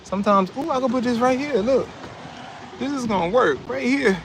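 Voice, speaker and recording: A man's voice: extremely high pitch, moderate pace, a bit bright, a little hiss or hum. A man casually vlogging outdoors, talking loosely and straight to his viewers. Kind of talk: casual live vlog. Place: outdoors at a city fast-food lot.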